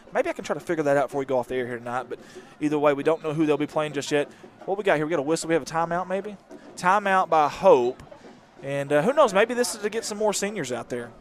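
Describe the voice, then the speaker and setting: A man calls a live high school football game from a press box. His voice sits fairly high for a man. He talks in a folksy, joking way and breaks into excited shouting when a runner breaks free. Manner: folksy, jokey, talkative, bursts into shouting on big plays. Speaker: play-by-play commentator. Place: press box at an outdoor stadium.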